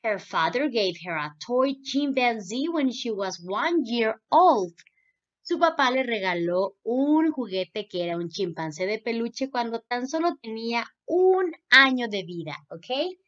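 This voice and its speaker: A woman's voice: fairly high pitch, big pitch swings, moderate pace, fairly bright tone. A woman teaching English to children, explaining in English and then repeating each point in Spanish. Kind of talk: recorded online lesson for children. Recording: dull lo-fi voice recording.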